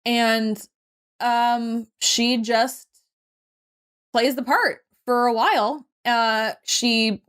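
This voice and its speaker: A young adult woman co-hosting a podcast, casually recapping a movie with lively quoted voices and the odd swear word. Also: fairly high pitch, extremely slow, smooth. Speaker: podcast co-host.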